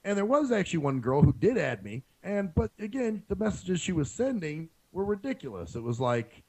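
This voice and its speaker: A man's voice: high voice, very animated, normal speed, a little mellow, low-quality recording. A man hosting his own radio show, ranting frankly in a casual solo monologue and swearing freely.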